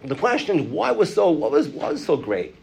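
Gravelly man teaching a Talmud class. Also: on the high side, fairly quick, slight background noise. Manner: explains Hebrew and Aramaic sources, restarts often, animated questions. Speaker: Torah teacher.

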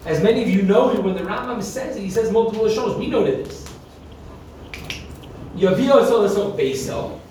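A man with a fairly high voice leads a Talmud class, firing questions at the room and hammering on key terms. He sounds far from the mic, in a very echoey room with faint noise behind. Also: animated, normal speed, pauses often, warm tone. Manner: questioning, emphatic, mixes Hebrew terms. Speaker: teacher.

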